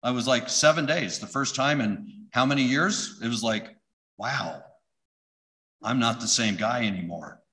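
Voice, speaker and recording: Middle-aged guy sharing his testimony, bright forceful voice, kinda emotional and chatty. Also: medium pitch, measured pace. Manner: emotional storytelling, conversational with fillers. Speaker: church member giving testimony. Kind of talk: personal testimony.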